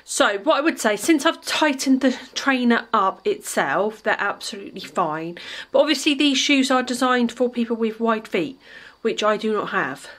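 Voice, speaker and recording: A woman in her forties chatting casually at home as she reviews gifted trainers, friendly and relaxed, sometimes whispering or talking fondly to her pet. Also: fairly high pitch, normal speed. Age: 40s. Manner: chatty and warm, fond baby-talk to her pet, drops to a whisper at times. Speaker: lifestyle vlogger. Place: at home, indoors.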